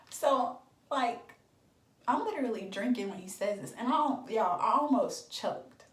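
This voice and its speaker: A woman's voice: on the high side, animated, a little slow, long pauses, far from the mic. Chatty young woman in an echoey room. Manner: chatty, dramatic storytelling with lots of fillers. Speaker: beauty vlogger. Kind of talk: storytime vlog.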